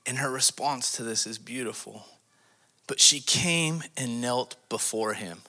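A male missions pastor preaching to a live congregation in a church. His tone is forceful and bright, and his voice sits in an average range. He throws rhetorical questions at the room and swings from quiet to loud with dramatic shifts. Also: a little slow. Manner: dramatic swings in pitch and loudness. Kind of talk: sermon. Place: church service before a congregation.

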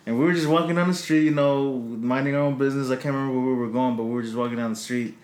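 A man's voice: mid-range voice, very fast. Casual profane man telling stories. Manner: relaxed, profane, laughs while telling stories. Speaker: podcast co-host. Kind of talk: casual podcast chat, storytelling. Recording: roomy echo.

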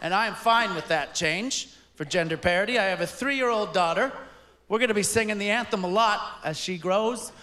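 A man's voice: high-pitched, normal speed, pushed and bright. A man performing a wry, punchy stand-up set, chuckling through his punchlines on stage at a live taping. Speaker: stand-up comedian. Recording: echoey venue with crowd noise. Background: audience laughter and ambience.

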